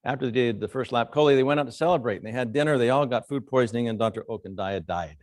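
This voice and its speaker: A man's voice: mid-range voice, fast talker, dry recording, studio quality. A middle-aged man, a surgeon, giving a conference lecture full of anecdotes and frequent fillers. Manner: storytelling, animated quotes, frequent fillers.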